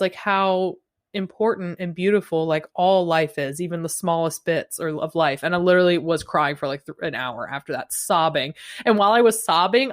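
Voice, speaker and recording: Low-voiced woman, rambling podcast host. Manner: rambling, peppered with fillers. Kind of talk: casual confessional chat.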